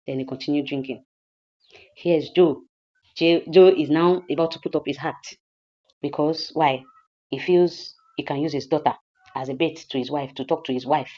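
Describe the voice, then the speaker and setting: A woman's voice: deep voice, steady tone, moderate pace, mellow, muffled recording. A woman with a Nigerian accent casually retelling a film's plot, repeating herself and asking the listener rhetorical questions. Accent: Nigerian English. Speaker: movie reviewer.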